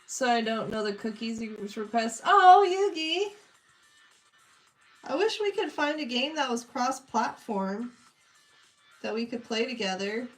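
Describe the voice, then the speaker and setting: A woman's voice: on the high side, moderate pace, soft background music. A young woman chatting casually with her live-stream chat while she draws, greeting viewers and reading their comments. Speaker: streamer drawing requests.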